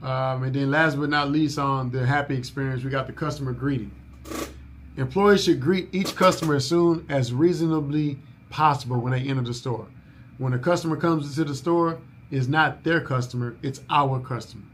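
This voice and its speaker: A man's voice: medium pitch, moderate pace, slight background noise. A man leading a staff orientation in a coaching manner, repeating his key points and asking if people follow. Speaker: business owner training new staff.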